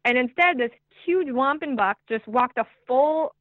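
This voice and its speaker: A woman guest telling a hunting story in a podcast chat, excitable and quick, with many fillers. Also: high voice, dry recording. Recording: tinny phone-like line, dry.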